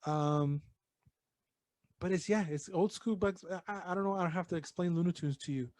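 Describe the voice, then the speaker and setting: A man co-hosting a casual podcast, rambling through his thoughts with plenty of swearing and the odd bit of Spanish slang. His voice sits a little high for a man, and the recording is close and dry. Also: normal speed, darkish tone, dry recording. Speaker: podcast co-host. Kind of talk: casual chat.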